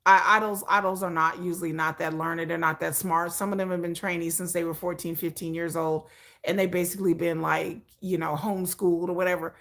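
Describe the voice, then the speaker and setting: Animated woman hosting a livestream. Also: on the low side, a little fast. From United States. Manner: animated, opinionated, laughs often. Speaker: livestream host. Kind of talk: casual livestream chat.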